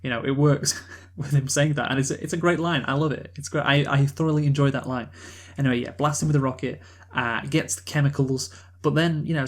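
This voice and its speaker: A man co-hosting a film review podcast, talking in a rambling, casual way with many fillers and restarts, swearing now and then. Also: mid-range voice. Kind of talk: casual chat.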